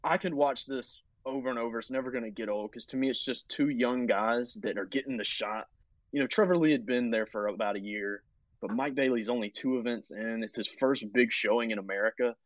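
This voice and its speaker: A man's voice: mid-range voice, brisk, dry recording, dull audio. A man co-hosting a podcast in casual chat, talking like an enthusiastic, profane fan. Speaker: podcast co-host.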